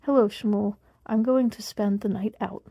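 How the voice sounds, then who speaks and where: An elderly tailor, formal and deferential, quietly resigned, as a woman reads him aloud. The voice is mellow and gravelly, recorded dry. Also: mid-range voice, steady tone, unhurried, no room sound.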